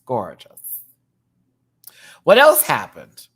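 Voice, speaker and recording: A man's voice: medium pitch, huge pitch swings, extremely slow, a bit bright, husky. A man hosting a casual rant review, talking in a rambling, giggly way with lots of fillers. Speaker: show reviewer and host.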